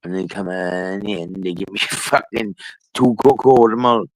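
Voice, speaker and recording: A man's voice: sits low, measured pace, dry recording, rough recording. A man telling a rambling, profane story in casual chat.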